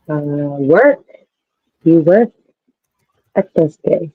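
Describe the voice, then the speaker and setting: A woman practicing words slowly and carefully alongside a teacher, chatting casually. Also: on the low side, no echo, phone-quality sound. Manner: very slow, careful repeating of words. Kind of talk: casual lesson chat.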